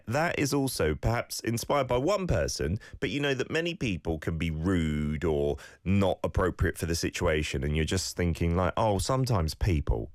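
A man's voice: sits low, dry recording, studio quality. A male host who teaches phrases and gives playful, teasing feedback on listener clips, with exaggerated example intonation. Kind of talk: casual radio-style teaching.

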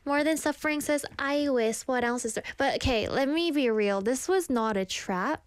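Reading chat aloud on her laid-back stream, this young host trades talk with viewers and tells stories at her own expense, voicing the quoted characters with animation. She sounds high and smooth, moving at a moderate pace without echo.

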